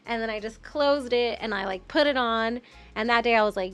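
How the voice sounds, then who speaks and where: A woman's voice: fairly high pitch, fairly quick, clear, resonant tone, faint music behind. A young adult woman telling a long personal story in casual podcast chat, full of "like" and restarts. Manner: rambling, heavy use of "like", emotional retelling.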